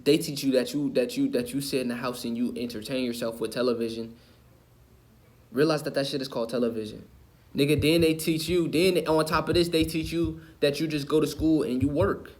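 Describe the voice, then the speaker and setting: A man's voice: medium pitch, fairly even intonation, fairly quick, a little mellow. A man ranting to the camera in an impassioned, preachy way, cursing and repeating himself for emphasis. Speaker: online video host. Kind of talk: impassioned spiritual rant.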